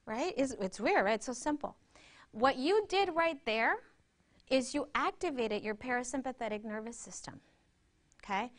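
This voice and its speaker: A woman with a slightly high voice and lively intonation speaks at a moderate pace while presenting a workshop. She guides a breathing exercise and teaches conversationally, keeping it interactive by checking in with "right?".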